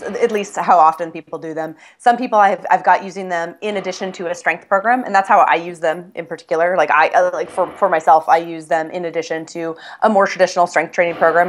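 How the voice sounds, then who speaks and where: A woman fitness coach chatting casually, explaining her workout program enthusiastically with frequent restarts. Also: fairly low pitch. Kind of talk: casual conversation. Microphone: phone or online call.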